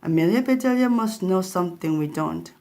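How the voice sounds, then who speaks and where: Easygoing dad voice, low-ish + calm, matter of fact, woman reading. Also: a little fast, creaky. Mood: musing. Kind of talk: storybook read-aloud.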